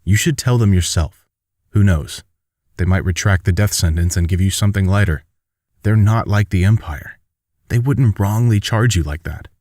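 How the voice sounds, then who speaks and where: A man's voice: low voice, normal speed, darkish tone, no echo, studio quality. A man voicing a defiant, bitter young woman who talks sharply and sarcastically in a fan-made audiobook. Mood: pleading.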